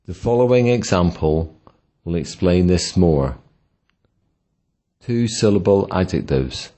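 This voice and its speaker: A man reading a scripted language lesson in a slow, deliberate, instructional way. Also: deep voice, lively intonation, mellow. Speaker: language teacher. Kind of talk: scripted narration.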